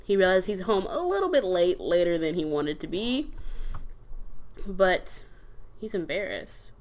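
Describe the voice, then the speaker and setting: A woman's voice: fairly low pitch, expressive, a little slow. Chatty young woman narrating a life-sim game. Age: young adult. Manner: chatty, storytelling with filler words. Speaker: gameplay narrator. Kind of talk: let's play commentary.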